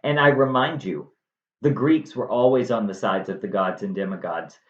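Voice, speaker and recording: A man retelling a classic play in a chatty, slangy way, with animated asides. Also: on the low side, moderate pace. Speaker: storyteller. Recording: dull echoey room.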